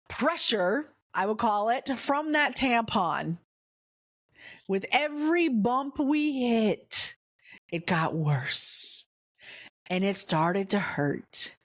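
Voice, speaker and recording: Slow, candid woman telling a funny story. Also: mid-range voice, dry recording, studio quality. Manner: candid, humorous, animated. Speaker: podcast host. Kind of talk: personal storytelling.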